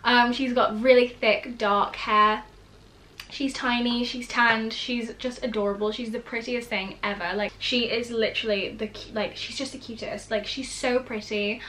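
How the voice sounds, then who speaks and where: Gushing young woman vlogger, bright voice. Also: fairly high pitch, steady tone, normal speed, slight background noise. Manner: gushing, rambling, lots of "like" and word searches. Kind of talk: casual chat to camera.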